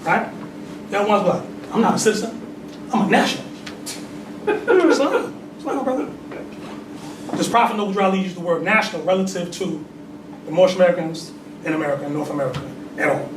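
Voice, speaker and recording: A man in his forties teaches a congregation in a temple. His voice is high, and the mic sits far from him in an echoey hall with steady noise behind. He asks questions of the room and laughs between points. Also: fairly quick, pauses often. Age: 40s. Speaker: religious teacher. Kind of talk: sermon with call and response.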